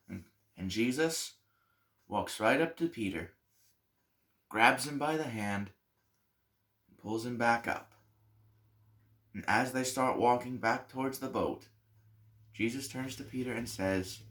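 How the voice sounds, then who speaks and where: A male pastor telling a Bible story as a Sunday school lesson, animated and then dropping to soft tones for emphasis. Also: medium pitch, a little slow.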